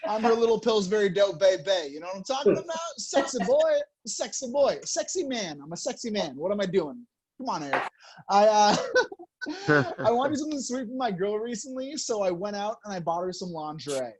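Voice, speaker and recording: A young man performing a stand-up comedy set, loud and chuckling at his own jokes. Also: high-pitched, expressive, fairly quick, noisy background. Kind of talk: stand-up routine.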